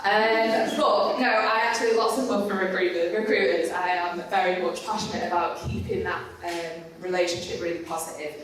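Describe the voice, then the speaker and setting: A woman's voice: fairly low pitch, steady tone, normal speed, hardly any pauses. A woman giving a storytelling talk at a conference. She is candid and self-mocking and swears casually. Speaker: conference speaker. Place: conference stage in a large hall. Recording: echoey hall, mic at a distance.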